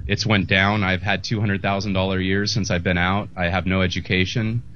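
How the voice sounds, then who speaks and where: A man's voice: sits low, flat delivery, normal speed, fairly bright tone, slight background noise. A middle-aged man hosting a podcast interview, talking candidly and emotionally, rambling with restarts. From United States. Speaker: podcast host. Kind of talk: earnest interview talk. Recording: muffled lo-fi audio.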